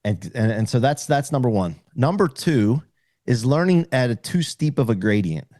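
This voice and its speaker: Earnest man with a dark, dry voice. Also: mid-range voice, very animated, normal speed, no room sound. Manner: earnest, explanatory, with frequent restarts. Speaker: podcast guest. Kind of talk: casual conversation.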